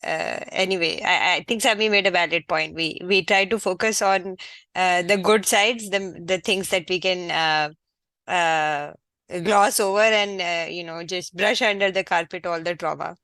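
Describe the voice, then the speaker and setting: Bright-voiced woman in dry podcast chat. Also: fairly low pitch, steady tone, moderate pace, no room sound. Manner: hesitant, many fillers, wry. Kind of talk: casual chat.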